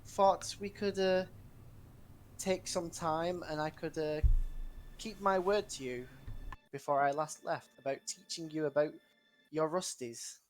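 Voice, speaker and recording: A man's voice: fairly high pitch, measured pace, pauses often. Male player, in-character, hesitant, slight background noise. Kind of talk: in-character tabletop play.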